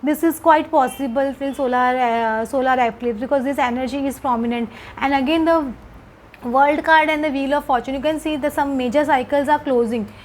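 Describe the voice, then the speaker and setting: A woman's voice: sits high, slight background noise, low-quality recording. A woman giving a casual tarot card reading, hesitant and repetitive, with many fillers. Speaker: tarot reader.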